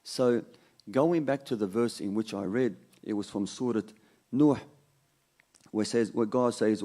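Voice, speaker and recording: A man's voice: on the low side, measured pace, long pauses, dark tone. A man giving a conversational Ramadan sermon, telling a story and often restarting his sentences. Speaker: religious lecturer.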